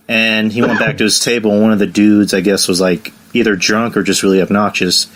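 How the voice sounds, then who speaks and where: A man's voice: on the low side, fast, hardly any pauses. A man hosting a casual podcast, telling stories and acting out the voices of the people in them. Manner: storytelling, acts out quoted lines. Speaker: podcast host.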